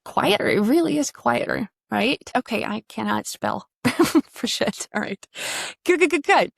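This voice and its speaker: A woman's voice: on the high side, lively intonation, a little slow, creaky, no echo. Chatty woman coaching pronunciation, dry sound. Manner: chatty, swears casually, quizzing questions. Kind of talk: casual online lesson.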